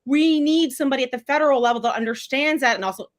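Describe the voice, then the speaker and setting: A woman's voice: sits high, quick pace. A woman who is a political candidate, talking as a guest in a casual live chat interview, emphatic and outspoken.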